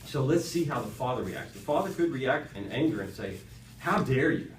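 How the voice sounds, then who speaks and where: A man gives a conversational Bible lesson to a high school class. He tells the story in an animated way and adds rhetorical asides to the students. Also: brisk, roomy sound, far from the mic, a little hiss or hum, low-quality recording. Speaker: youth speaker teaching a class.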